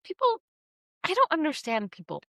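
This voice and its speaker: A woman's voice: high-pitched, wildly swooping pitch, normal speed, pushed and bright, no echo. A young woman co-hosting a casual chat podcast, reacting with dry teasing remarks and telling her own stories. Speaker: podcast co-host.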